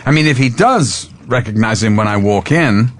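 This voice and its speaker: A man's voice: medium pitch, lively intonation, normal speed. A man in his sixties, a guest actor on a talk show, telling stories in a chatty, amused way. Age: 60s. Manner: chatty, amused, slips into character voices. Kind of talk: casual interview storytelling.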